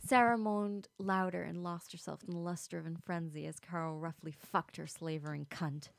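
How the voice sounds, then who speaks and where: A woman's voice: lowish voice, steady tone, moderate pace, creaky. A woman podcast co-host reads her own steamy romance story aloud, slipping into whispers, then chats casually and laughs a lot. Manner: dramatic reading, dropping to a whisper, laughing often.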